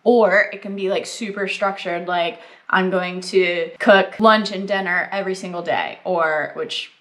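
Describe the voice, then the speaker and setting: A young adult woman chatting casually to camera as a vlogger, filler-heavy and lively, talking with her mouth full at times. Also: on the low side, a little slow. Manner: chatty, lots of "like" and "um", eating while talking.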